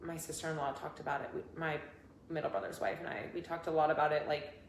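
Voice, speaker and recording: A woman's voice: low-pitched, fast, slight background noise. A woman in her twenties, a coach and podcast guest, telling stories in casual chat with lots of laughter and fillers. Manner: animated storytelling, laughing often, many fillers. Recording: echoey room, faint ambience.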